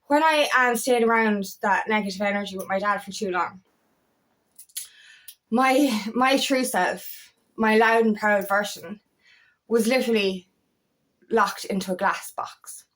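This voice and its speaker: A woman's voice: medium pitch, a little slow, pauses often, fairly bright tone. Raw, emotional woman coach, rambling and swearing. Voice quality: eccentric, quirky talker. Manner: rambling, heartfelt, swears often, voice catching with emotion. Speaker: feminine empowerment coach. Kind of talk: emotional personal vlog monologue. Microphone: camera.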